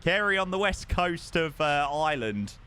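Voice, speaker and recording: A man streaming live, chatting casually and excitably with his viewers and swearing now and then. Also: fairly high pitch, normal speed, clean tone. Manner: excitable, swears, talks to chat.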